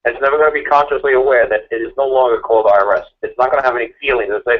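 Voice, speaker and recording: A man's voice: mid-range voice, steady tone. A man ranting and arguing in a repetitive, mocking way as a guest on a call-in talk show. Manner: rapid, repetitive, mocking, argumentative. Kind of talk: impassioned ranting chat. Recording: tinny phone line.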